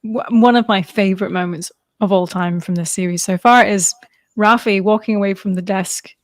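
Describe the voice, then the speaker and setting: A woman co-hosting a casual podcast chat, chatty with quick asides and casual swearing. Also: mid-range voice, dry recording, studio quality. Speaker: podcast co-host.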